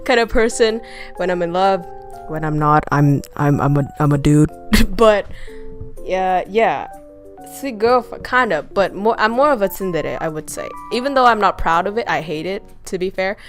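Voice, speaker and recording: A woman streamer answering viewer questions in a casual chat, frank and crude in her joking and quick to laugh. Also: on the low side, expressive, soft background music. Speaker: VTuber streamer.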